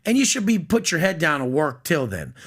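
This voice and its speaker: A man's voice: a little high, huge pitch swings, brisk, vocal fry, a bit bright. A man talking bluntly and profanely as a guest on a podcast. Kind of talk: casual podcast chat.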